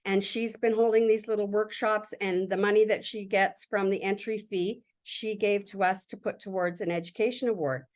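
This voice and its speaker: Woman showing off her examples in a workshop, upbeat and chatty, mid pitch. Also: fairly even intonation, normal speed, few pauses. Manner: chatty and enthusiastic, reads prompts aloud. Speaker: workshop presenter. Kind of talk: casual workshop walkthrough.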